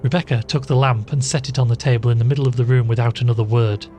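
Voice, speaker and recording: A man narrating a classic ghost story in a measured storytelling manner. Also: medium pitch, steady tone, noisy background.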